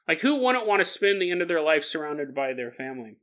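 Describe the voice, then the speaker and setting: Chatty male host who tells strange stories, jokey and bright. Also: a little high, very animated, fairly quick, hardly any pauses. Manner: jokey, laughs often, shifting volume. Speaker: podcast host. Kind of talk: casual storytelling.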